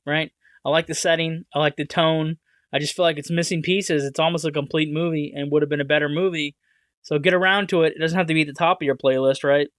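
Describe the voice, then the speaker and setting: A man's voice: on the high side, no room sound. A man hosting a movie podcast, talking casually in a rambling, self-correcting, jokey way. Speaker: podcast host. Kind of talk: casual solo podcast talk with read ads.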